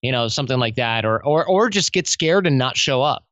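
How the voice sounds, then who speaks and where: Male podcast guest, casual and animated storyteller, slangy; muffled, dry recording. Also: medium pitch, a little fast, dry recording. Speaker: podcast guest, self-development coach. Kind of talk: casual conversational interview.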